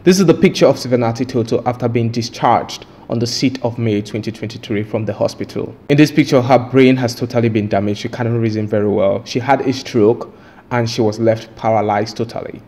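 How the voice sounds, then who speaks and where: A man's voice: mid-range voice, a little fast, a little mellow. A man hosting a true crime channel, recounting a case and then giving his opinion in an emphatic, repetitive, lecturing way while addressing viewers directly.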